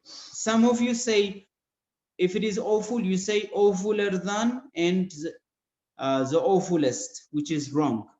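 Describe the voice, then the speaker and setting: A male English teacher with an Ethiopian accent giving an online grammar lesson, explaining rules slowly and spelling out letters one by one. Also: high-pitched, a little mellow. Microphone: video call. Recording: dull echoey video-call audio.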